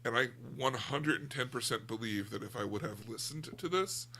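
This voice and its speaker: An American man co-hosting a book club podcast chats candidly in a mid-range voice at normal speed, sounding pushed and bright with a breathy edge. His casual talk rambles a bit, and he restarts his sentences.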